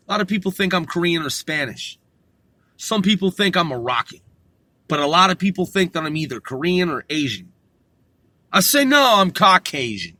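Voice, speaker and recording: A young American man ranting to camera with profanity, slow and combative, breaking into shouts. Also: sits high, very animated, dry recording. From United States.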